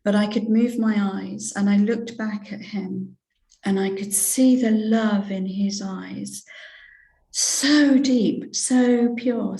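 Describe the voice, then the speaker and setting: A woman in her sixties with an English accent, a reverend recounting a spiritual experience as an interview guest, hesitant and heartfelt, with many pauses and restarts. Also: medium pitch, creaky, warm tone. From England. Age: 60s. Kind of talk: personal spiritual testimony in an interview. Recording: roomy echo.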